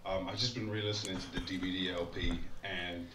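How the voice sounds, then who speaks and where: A man's voice: low voice, little pitch movement, brisk. A man leaving a friendly, rambling video question for a podcast. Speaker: fan sending a video question. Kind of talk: recorded video message. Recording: distant, noisy, roomy video clip played back.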